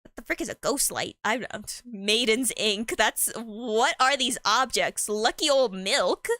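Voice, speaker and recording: A woman's voice: a little high, unhurried, pushed and bright, no echo, clean studio sound. Giggly, rambling young woman streamer. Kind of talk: improvised role-play chat.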